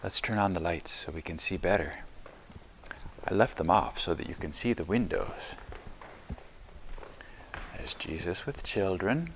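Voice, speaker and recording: Slow, gentle man talking to small children. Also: deep voice, creaky, slight background noise. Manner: gentle, encouraging, simple words. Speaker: chaplain leading children's chapel. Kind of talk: talking to preschool children on a tour. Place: inside a church.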